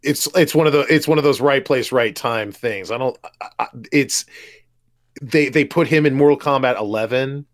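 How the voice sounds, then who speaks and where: A man's voice: medium pitch, normal speed. A man chatting casually as a podcast co-host, enthusiastic and full of restarts and swearing. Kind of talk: casual movie chat.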